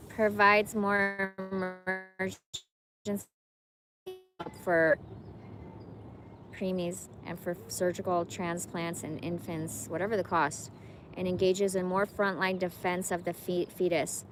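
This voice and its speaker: A woman reading a text aloud, in an earnest, deliberate way with small stumbles. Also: fairly low pitch, flat delivery, music in the background. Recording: noisy background with vehicle sound.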